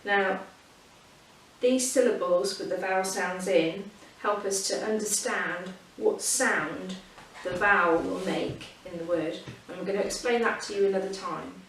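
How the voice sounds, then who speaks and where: A woman's voice: medium pitch, steady tone, measured pace, fairly bright tone. A woman teaching children about reading with a patient, encouraging manner, recorded at home. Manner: patient and encouraging, sings a silly song. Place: home during lockdown. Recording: echoey room, far from mic, faint hiss.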